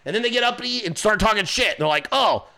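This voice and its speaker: A man's voice: high voice, animated, very fast, creaky, pushed and bright. A male host ranting in political commentary, profane and confrontational, who mocks people by voicing them. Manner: mocks people with quoted voices.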